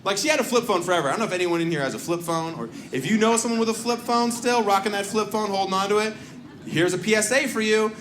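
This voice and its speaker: A man doing a stand-up comedy set on a club stage, telling stories with animated shouting and quick character voices. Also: high voice. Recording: echoey live club recording with noise.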